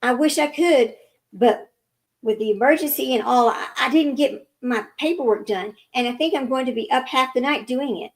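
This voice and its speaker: A woman reading aloud, voicing a manipulative woman who poses as a caring doctor, weary and falsely modest, in a slightly raised, gravelly voice. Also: high-pitched, normal speed, poor audio. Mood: weary sentimental.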